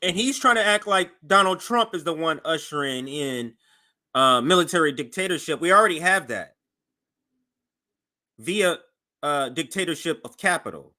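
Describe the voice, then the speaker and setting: A man hosting a show, giving animated political commentary as he reacts to news clips. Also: on the high side, normal speed. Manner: animated and conversational, voice jumps up for emphasis.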